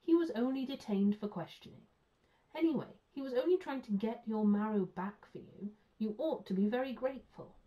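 A woman's voice: on the high side, moderate pace, mellow, voice pushed up, natural voice. A woman voicing a sensible, patient middle-aged mother who speaks reassuringly. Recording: muffled lo-fi sound.

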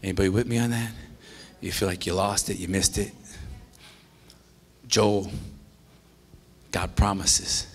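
A man preaching a sermon as pastor, animated and excited, swinging from loud exclamations to hushed confession and often restarting his phrases. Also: low-pitched, quick pace.

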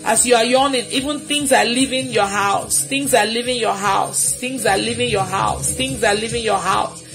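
A woman leading a live deliverance prayer, repeating commanding declarations fervently and laughing between them. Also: on the high side. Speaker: prayer minister.

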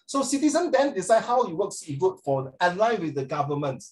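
A middle-aged man with a Singaporean English accent teaches social studies in a lively, teasing way. He is openly sarcastic and slips Mandarin phrases into his English. His speaking voice sits a bit higher than most men's. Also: fairly quick, rough recording. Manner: animated, joking, sarcastic. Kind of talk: classroom teaching.

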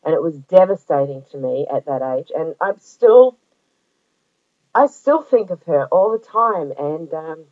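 A woman's voice: sits low, lively intonation, unhurried, dry recording. An Australian woman in her forties chatting casually about crafts, rambling and gushing with many ums and restarts. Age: 40s. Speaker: craft vlogger. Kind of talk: casual show-and-tell chat. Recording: dry tinny phone-like audio.

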